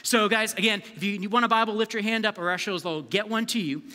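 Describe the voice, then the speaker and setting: A man preaching a live sermon as a youth pastor, energetic and conversational, calling on the crowd to answer back. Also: sits high, fast talker. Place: church service hall. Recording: long reverb of a large hall.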